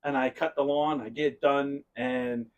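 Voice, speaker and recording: A man's voice: medium pitch, steady tone, normal speed. A man hosting a podcast, telling a long rambling story in casual chat and often breaking into laughter. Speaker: podcast host.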